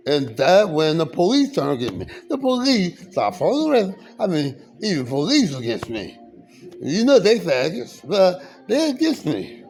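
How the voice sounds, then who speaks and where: A man with a noticeably high-pitched speaking voice recounts his side of the story at length. His account rambles, and he stumbles and restarts often, repeating phrases as he goes. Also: huge pitch swings, darkish tone, faint music behind. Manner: halting, repetitive, frequent restarts and fillers.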